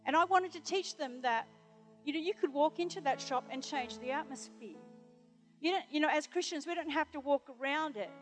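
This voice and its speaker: A middle-aged woman delivers a sermon built on personal stories, speaking chattily with plenty of "you know" and restarts. Her voice is high-pitched and a little fast, with faint music behind her.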